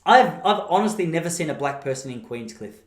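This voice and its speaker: A man's voice: on the high side, sing-song, a little fast. An Australian man talks through his opinions in a blunt, rambling solo podcast monologue. He swears casually. His voice rings in a noticeably echoey room. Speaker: podcast host.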